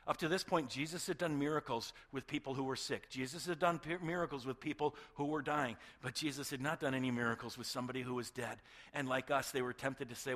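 A man's voice: medium pitch, fast, few pauses, fairly bright tone. A male pastor preaching a sermon with passion, often repeating words and dropping to a near-whisper at emotional points.

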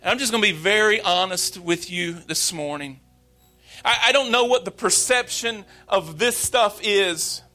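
A man's voice: high-pitched, sharp tone, soft background music. A man in his late thirties preaching a sermon as pastor, speaking earnestly and openly about his own struggles. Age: 30s. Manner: earnest, confessional, slow and emphatic.

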